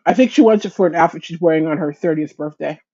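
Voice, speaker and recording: A woman's voice: low voice, fast, dark tone, dull audio. A woman hosting a casual crochet chat livestream, greeting viewers by name, chatty and self-deprecating, often restarting her sentences. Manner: frequent restarts and stumbles.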